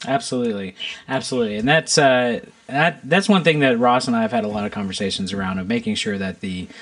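Relaxed male host asking questions. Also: medium pitch, quick pace. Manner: relaxed, steers the talk with questions. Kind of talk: podcast interview.

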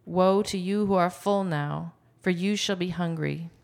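A woman giving a formal, measured reading of scripture at a church service. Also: fairly low pitch, vocal fry, a little mellow. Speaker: scripture reader. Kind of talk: liturgical reading.

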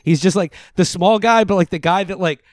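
A man's voice: high voice, a little fast, dry recording, clean studio sound. A man hosting a podcast, talking casually about a film with many fillers and restarts. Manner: rambling, many fillers, laughs often. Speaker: podcast host.

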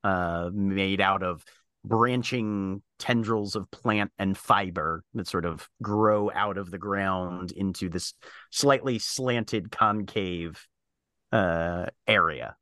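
A man narrating a tabletop role-playing game as game master, describing scenes in a halting way with frequent fillers. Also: low-pitched, bright, forceful tone, no room sound.

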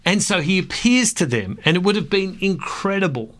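A man's voice: high-pitched, big pitch swings, normal speed, fairly bright tone. A man hosting a devotional talk, reading scripture aloud and reflecting on it. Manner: reflective, reads scripture aloud with rising emphasis. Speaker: ministry host.

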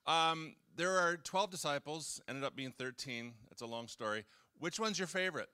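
A pastor in a church hall delivers a casual, conversational sermon in a bright, forceful voice on the high side, at a moderate pace, with a clean tone. He chats with the congregation, cracks jokes, and acts out quotes.

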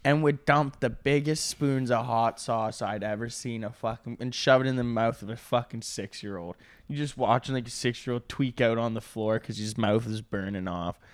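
A man's voice: medium pitch, fairly even intonation, no echo. Joking, foul-mouthed young podcast man. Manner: joking, profane anecdotes with quick quoted voices. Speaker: podcast co-host. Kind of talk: casual podcast banter.

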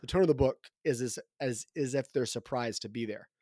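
A man's voice: mid-range voice, brisk, darkish tone, no room sound, studio quality. A man co-hosting a casual book discussion, talking in a thoughtful way with frequent restarts. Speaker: co-host.

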